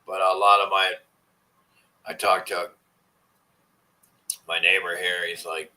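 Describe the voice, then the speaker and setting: A man's voice: low voice, little pitch movement, slow, pauses often, bright, forceful tone, poor audio. A man chatting casually with viewers on a live stream, rambling and swearing as he complains in frustration. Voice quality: profane, rambling. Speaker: vlogger.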